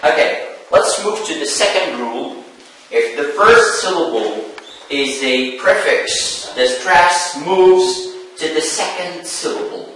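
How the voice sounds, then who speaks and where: A man teaching an English lesson, speaking slowly and repeating key words for his students. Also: on the high side, expressive, sharp tone. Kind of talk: televised classroom lesson. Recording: echoey room, voice from far off.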